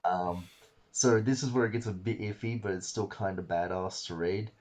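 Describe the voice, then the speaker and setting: A man with a low, husky voice hosts a casual podcast chat. He retells stories at length, rambling with frequent fillers and the occasional swear word. The tone is loose and conversational. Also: normal speed, a little mellow. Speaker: podcast host.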